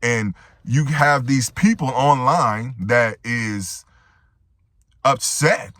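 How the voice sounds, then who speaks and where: A man's voice: medium pitch, drawn-out words, a bit bright, dry recording. A man giving a reaction commentary monologue, making rhetorical points and often tagging them with "right?".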